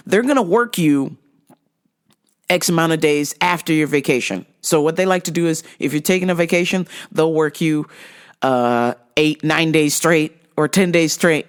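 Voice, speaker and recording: A woman podcast host and business owner telling a story as a casual, profane, exasperated rant. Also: low-pitched.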